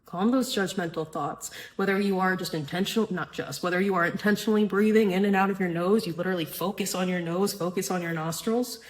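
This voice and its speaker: A woman's voice: fairly low pitch, fast talker, few pauses, rough recording. A woman hosting a spiritual self-help podcast, talking in an earnest, casual way with a frequent "right?" and the odd swear word. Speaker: podcast host.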